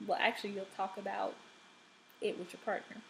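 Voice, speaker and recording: A woman teacher giving a recorded reading lesson, speaking deliberately and checking in often with the class. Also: medium pitch, flat delivery, vocal fry, a bit bright, slight background noise, rough recording. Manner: slow, deliberate, checks in with frequent "okay?".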